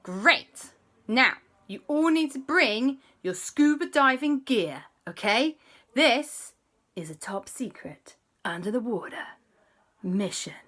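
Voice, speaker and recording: An excitable female scientist with an Australian accent gushes in a high, breathless voice, as a woman storyteller puts her on. Her pitch leaps and dips, and the tone is bright and clear. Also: slow pace, full character voice. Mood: excited.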